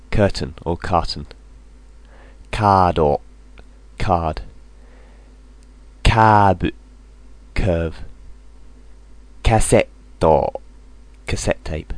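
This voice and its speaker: A man with a deep voice reads a vocabulary list at a very unhurried pace, pausing between each word and its English meaning. The sound is dry and close, with no room around it. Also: no room sound. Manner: reads each word then its English gloss, flat and measured. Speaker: language teacher. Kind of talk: vocabulary drill reading.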